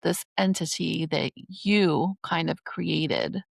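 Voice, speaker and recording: Woman host, very gravelly fry, hesitant questions, dry close sound. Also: deep voice, slow pace, dry recording. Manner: tentative, hedging questions. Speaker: podcast host. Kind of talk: casual podcast interview.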